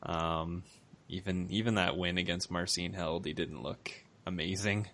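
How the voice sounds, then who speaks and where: Deep bright-voiced man on a fight podcast. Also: fairly even intonation, measured pace. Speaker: podcast co-host. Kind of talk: casual podcast chat.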